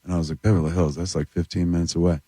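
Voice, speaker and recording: A man, a filmmaker guest telling animated, rambling stories in a casual studio chat. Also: low voice, racing, dry recording. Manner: animated, rambling anecdotes with lots of "like" and "dude". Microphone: radio studio mic.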